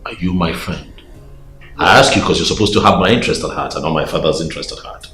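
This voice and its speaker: An actor playing a smitten young prince, pleading and persuasive, with a Nigerian accent. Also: male voice, deep voice, fast talker, fairly bright tone. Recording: roomy echo, faint background music.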